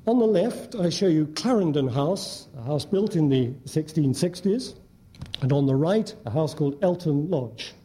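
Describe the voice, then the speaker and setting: A man lecturing an audience in a measured way, with frequent hesitant fillers. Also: fairly high pitch, expressive, mellow. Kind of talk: academic lecture with slides. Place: lecture hall before an audience.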